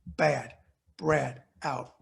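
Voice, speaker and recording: Speaking very slowly in a steady, medium-pitched voice that's gravelly and husky, a middle-aged commentary host with a New York accent rants to his audience. He is furious, blunt, and curses freely.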